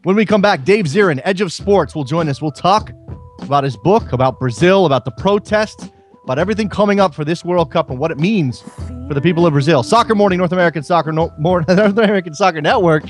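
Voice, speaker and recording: A man's voice: sits high, expressive, fast talker, soft background music. A man hosting a casual sports call-in radio show, talking off the cuff and often repeating words as he thinks aloud.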